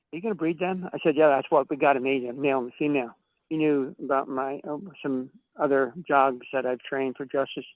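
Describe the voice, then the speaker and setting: A man guest with a slightly high voice tells rambling stories on a podcast. He swears freely and acts out what everyone said. His voice comes through a tinny, phone-like line with a dry sound. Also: no echo. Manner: profane, acts out quoted dialogue. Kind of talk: casual storytelling chat.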